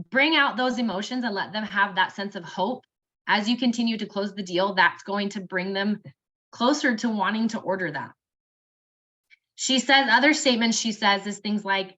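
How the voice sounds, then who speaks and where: Young woman, casual encouraging coach, bright tone, lo-fi recording. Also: mid-range voice, lively intonation, moderate pace. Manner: upbeat and encouraging, acting out sample messages. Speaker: network marketing team member.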